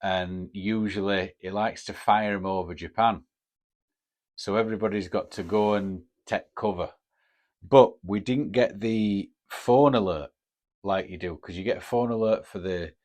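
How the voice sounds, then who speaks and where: A man talks in a casual, rambling monologue, cursing freely as he goes. His voice sits on the low side, and he takes his time, drawing his words out slowly. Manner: rambling, sweary storytelling. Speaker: podcast host. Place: home in Japan.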